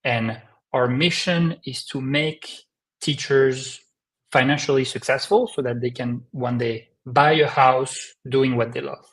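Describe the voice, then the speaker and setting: French guy talking on a video call, relaxed and friendly, lots of ums, mid pitch. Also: measured pace, rough recording. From France. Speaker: company co-founder guest. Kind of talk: live-stream interview.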